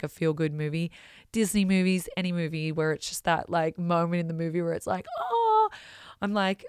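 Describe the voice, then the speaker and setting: Woman, low smooth voice, dry close sound; casual expressive storyteller, lots of fillers. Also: dry recording. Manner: chatty, expressive, many fillers like "you know".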